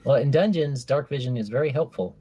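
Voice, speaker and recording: A man as game master, narrating a tabletop game and slowing down to describe each scene in detail. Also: mid-range voice, dark tone, slightly rough, muffled recording.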